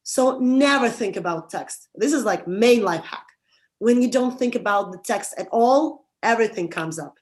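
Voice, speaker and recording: Russian-accented woman giving candid advice. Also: on the high side. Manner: halting, restarts often, animated advice. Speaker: director and actress, guest. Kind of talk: casual interview talk.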